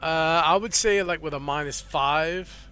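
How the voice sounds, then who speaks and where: A man's voice: fairly high pitch, unhurried, pushed and bright, clean tone. A man narrating as game master of a tabletop game, rambling with fillers and restarts.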